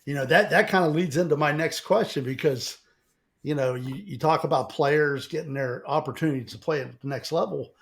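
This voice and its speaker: A man hosting an interview, relaxed, reacting with short replies before asking his next question. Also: a little high, a little fast. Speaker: podcast host.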